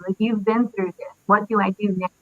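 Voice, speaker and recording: Young woman in her twenties as an interview guest, halting and full of pauses, mid-pitched, dry phone-like sound. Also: fairly even intonation, dry recording. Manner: halting, many fillers and pauses. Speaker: interview guest, military widow. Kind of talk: emotional personal recollection. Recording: dry tinny phone-like audio.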